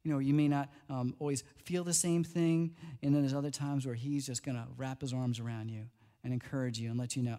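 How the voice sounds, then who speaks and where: A middle-aged man preaching a sermon as pastor, speaking casually and animatedly, his voice climbing high when he marvels. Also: flat delivery, fairly quick, dark tone.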